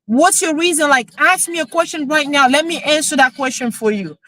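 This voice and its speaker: A woman, a real estate coach chatting emotionally on a live stream, excited as she talks. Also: high-pitched, brisk, dry recording, low-quality recording. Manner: excited, emotional, switching into French.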